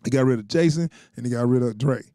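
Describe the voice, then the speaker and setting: A man's voice: mid-range voice, fast talker, warm tone, dry recording, clean studio sound. A man giving a casual, loose recap of a TV episode, chuckling often and leaning on filler words. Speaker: TV show reviewer.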